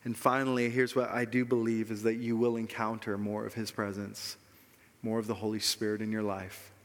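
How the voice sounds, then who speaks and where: A man's voice: lowish voice, little pitch movement, normal speed, in a large hall. A man preaching a sermon as pastor, earnest and emphatic, repeating key phrases for weight.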